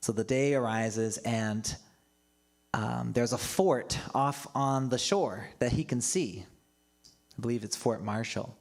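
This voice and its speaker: Laughing, chatty pastor telling a story. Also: male voice, mid-range voice, takes it slowly, creaky, darkish tone. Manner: chatty, laughs often between remarks. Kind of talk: storytelling sermon. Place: church livestream.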